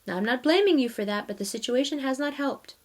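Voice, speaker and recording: A woman's voice: high-pitched, expressive, fast. A woman giving a casual tarot reading, talking straight to her viewers in a chatty way and laughing often. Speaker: tarot reader.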